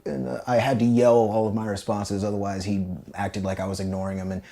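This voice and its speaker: A young American man, an army veteran and podcast guest, telling a story casually with lots of profanity and big swings in pitch and loudness. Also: flat delivery, brisk, gravelly. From United States.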